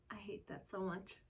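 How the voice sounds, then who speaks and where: A young woman talking casually to camera from a room at home, chatty and rambling with lots of fillers. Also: pushed and bright. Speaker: vlogger.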